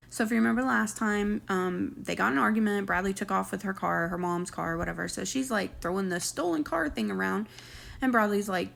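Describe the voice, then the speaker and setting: A young woman giving a casual recap of reality TV, talking like she is sharing gossip. She is opinionated and chatty, full of side comments. Her voice has a lot of vocal fry. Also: mid-range voice, fairly quick.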